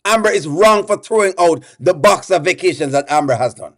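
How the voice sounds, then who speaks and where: A man's voice: high voice, expressive, a little fast. Exasperated man on a live stream. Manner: exasperated, repeats himself a lot, pleading with chat. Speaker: reaction streamer. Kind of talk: live-stream reaction commentary.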